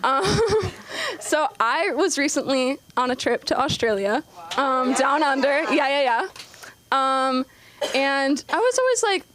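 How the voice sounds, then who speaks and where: A woman's voice: sits high, expressive, measured pace, fairly bright tone. A young woman doing her first stand-up set, nervous and rambling with lots of ums and likes. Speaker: first-time stand-up comic. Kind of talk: open-mic stand-up set. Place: comedy club stage. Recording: live club audience noise.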